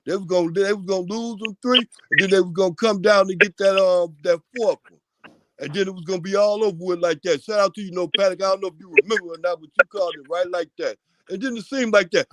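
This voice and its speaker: Man with a high voice, dry sound, rambling caller, casual sports talk. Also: fast, dry recording. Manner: rambling, repeats shout-outs.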